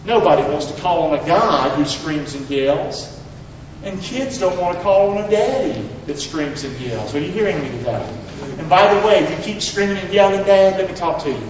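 A man preaching a Father's Day sermon in a church, leading call-and-response and swinging between loud exhortation and hushed asides. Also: high-pitched, animated, normal speed, a little hiss or hum. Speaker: pastor. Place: church sanctuary. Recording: very echoey hall, distant mic, slightly dull.

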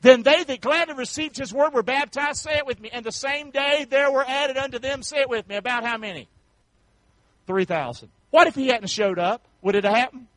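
High-voiced preacher man. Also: a little fast, no room sound, rough recording. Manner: preachy call-and-response, rising to shouts. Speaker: pastor. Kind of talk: sermon.

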